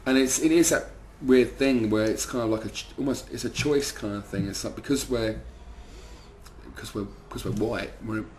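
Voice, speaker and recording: A man's voice: mid-range voice, moderate pace, darkish tone, slight background noise. A man, telling rambling, swearing anecdotes in an interview. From London, second generation Irish. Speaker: band member. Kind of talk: casual interview storytelling.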